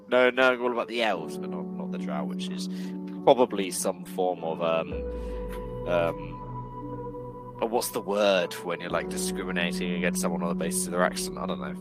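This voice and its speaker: A man's voice: deep voice, rough recording. A man playing a tabletop game, rambling and joking with lots of self-interruptions. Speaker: player. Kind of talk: casual tabletop banter.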